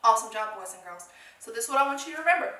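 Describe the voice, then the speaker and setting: A woman's voice: a little high, lively intonation, very fast, sharp tone, roomy sound, recorded from a distance. A woman teaching a phonics lesson to young children, encouraging them, asking questions and answering them herself.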